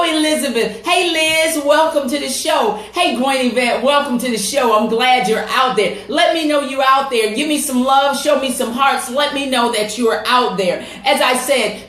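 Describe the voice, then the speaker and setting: A woman's voice: high-pitched, a bit bright, reverberant. A woman hosting a live-streamed talk show who greets her viewers by name with upbeat energy. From United States. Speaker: host and life coach. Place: home setup with computer.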